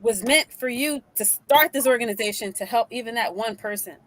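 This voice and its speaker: A woman co-hosting a casual talk show, animated and emotional, laughing often. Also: fairly high pitch, fairly quick, rough recording. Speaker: co-host.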